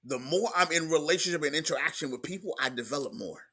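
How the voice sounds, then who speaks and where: A man preaching a sermon in an emphatic, repetitive style, moving between quiet stretches and loud outbursts. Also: a little high, fast talker, slightly rough. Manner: emphatic preaching, repeats words, swings from soft to loud.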